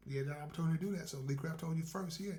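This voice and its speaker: A man's voice: a little high, very fast, warm tone. A man hosting his own podcast, talking casually in a folksy way, repeating words and acting out little dialogues. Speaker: podcast host. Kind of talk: casual solo monologue.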